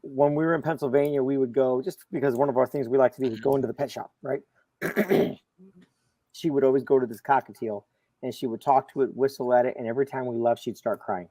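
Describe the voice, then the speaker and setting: A man's voice: medium pitch, quick pace, no echo, rough recording. Man telling a story on a video call. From Florida, USA. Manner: storytelling, animated, quotes others. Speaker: panelist on a comics talk show. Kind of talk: casual chat.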